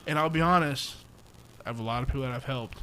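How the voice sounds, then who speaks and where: A young man co-hosting a casual podcast, his talk salted with profanity. He tells stories in a lively way and turns loud when he acts out what friends said. A faint hiss of noise sits behind his voice. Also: medium pitch, quick pace. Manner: profane, animated storytelling, acts out quotes loudly. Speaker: podcast co-host.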